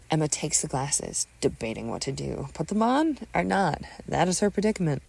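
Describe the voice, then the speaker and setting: A woman narrating a scripted audio story in an expressive storytelling manner on a close mic. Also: sits low, normal speed, vocal fry, few pauses, slightly rough, no room sound.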